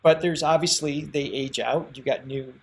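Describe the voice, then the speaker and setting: A man's voice: a little high, fairly even intonation, moderate pace, creaky, a little hiss or hum. A man co-hosting a song reaction livestream, chatting casually, laughing often and thanking viewers by name.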